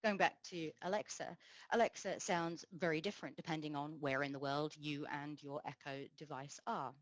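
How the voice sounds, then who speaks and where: A woman presenting a technical conference talk with a low, grounded voice. She explains step by step with frequent filler pauses, and the sound is close and dry. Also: fairly even intonation, no echo, rough recording. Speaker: conference speaker.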